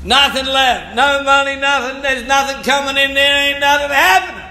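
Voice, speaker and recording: High, bright-voiced preaching man. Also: normal speed, reverberant. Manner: fervent preaching, repeats phrases, bursts into shouts and snatches of song. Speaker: pastor. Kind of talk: sermon.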